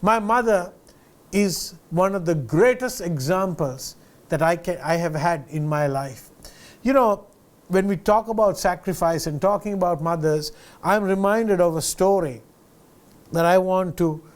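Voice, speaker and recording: A man with a high voice tells an inspirational story as host of his own short show. He is earnest and emphatic, and he leans on dramatic pauses.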